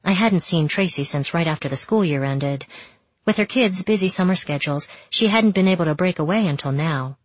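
A woman narrating a first-person romance novel in a steady, intimate storytelling manner. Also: lowish voice, fairly quick, no echo, muffled recording. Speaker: audiobook narrator.

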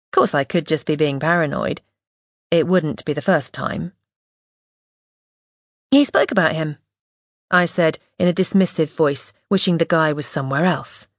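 Woman reading a first person audiobook, lowish voice, measured and wry, dry close mic. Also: no echo. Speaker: audiobook narrator.

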